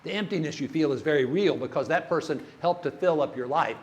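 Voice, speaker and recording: Fairly high-voiced older man preaching. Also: fairly quick. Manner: storytelling, asks the congregation questions. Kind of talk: sermon. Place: church.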